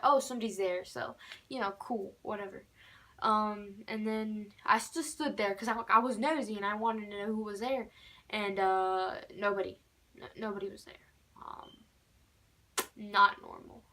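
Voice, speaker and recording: Teen girl, casual storytime vlogger, rambling and filler-heavy, average pitch. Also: a bit bright. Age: teens. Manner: rambling, many fillers, keeps repeating "normal".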